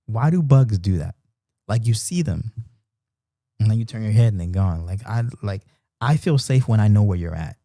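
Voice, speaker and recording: Animated man telling a story. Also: on the low side, normal speed, dry recording, studio quality. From Baltimore. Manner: animated storyteller, loose slang, many restarts. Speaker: host of a Bible reading stream. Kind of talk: casual storytelling chat. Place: apartment in Japan.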